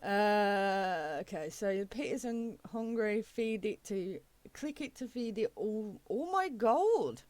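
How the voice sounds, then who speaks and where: Casting: woman, mid-pitch, casual let's-play host thinking aloud, dry close sound. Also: expressive, darkish tone, no room sound. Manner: thinks aloud, many "okay"s, reads game text haltingly. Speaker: gaming channel host.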